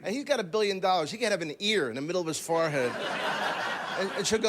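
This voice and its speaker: A man's voice: high voice, animated, a little fast, a loud crowd. A man doing a brash, rambling stand-up comedy set on a TV studio stage. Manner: brash, rambling, crude punchlines.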